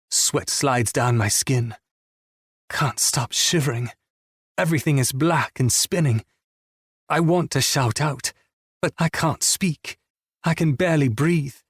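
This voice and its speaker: Husky male audiobook narrator. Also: mid-range voice, dry recording, clean studio sound. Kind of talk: first-person romance audiobook narration.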